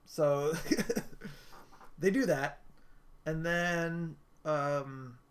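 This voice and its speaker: A man's voice: on the high side, steady tone, drawn-out words. A man giving a casual, rambling game review, full of filler words and restarts. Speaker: gaming video creator.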